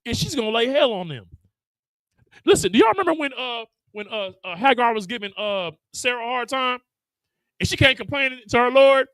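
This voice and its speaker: Animated preacher, high swooping voice, dry room, laughs and acts out voices. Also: male voice, fairly quick, dry recording, rough recording. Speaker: religious teacher. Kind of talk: lively preaching to a congregation.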